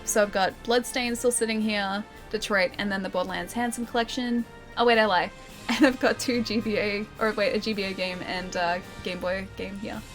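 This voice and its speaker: A woman's voice: medium pitch, fairly even intonation, normal speed, soft background music. A young Australian woman chatting casually while streaming a game, reading chat aloud and laughing often. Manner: chatty, giggly, reads chat aloud and answers.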